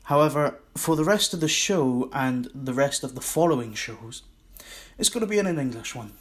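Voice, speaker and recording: A man's voice: medium pitch, animated, normal speed. A man with a Scottish accent hosting his own podcast, rambling and self-mocking in a casual solo monologue. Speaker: podcast host.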